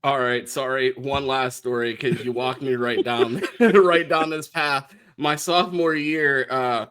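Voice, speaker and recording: A young man co-hosting a sports podcast, telling school stories in a casual, animated way and laughing often. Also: medium pitch, unhurried, clean tone. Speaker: co-host.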